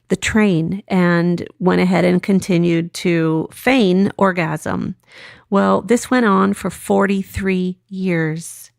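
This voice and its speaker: Calm woman therapist with gravelly edge. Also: on the low side, dry recording, clean studio sound. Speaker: sex therapist. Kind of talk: scripted lecture with case story.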